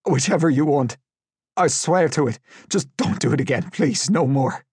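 A man's voice: lively intonation, moderate pace, a little mellow, husky, no room sound, studio quality. A man voicing a terrified young man who is crying and choking as he begs for mercy. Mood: panicked pleading. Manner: screaming, pleading high and strained.

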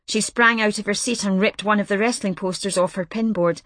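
A woman's voice: medium pitch, fairly even intonation, moderate pace, few pauses, a bit bright, dry recording. Woman narrating an audiobook, dry and close. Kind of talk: scripted narration.

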